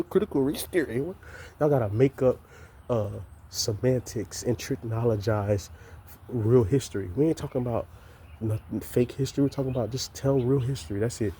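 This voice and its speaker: Man on camera, impassioned profane rant, darker mellow tone, lots of repeats and restarts. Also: mid-range voice, a little hiss or hum. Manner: heated, repetitive, stammers and restarts. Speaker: vlogger.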